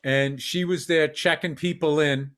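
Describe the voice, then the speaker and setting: A man hosting a podcast, telling stories in profane, animated casual chat. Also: on the high side, a little slow, noisy background. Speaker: podcast host.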